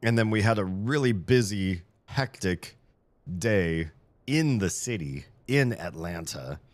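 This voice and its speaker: A deep-voiced man, worn out after a long day, hosts his live stream in loose, jokey chat. He rambles and trips over his words, restarting phrases as he goes. The sound is close and dry, with no room echo. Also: expressive, takes it slowly. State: tired. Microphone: studio microphone.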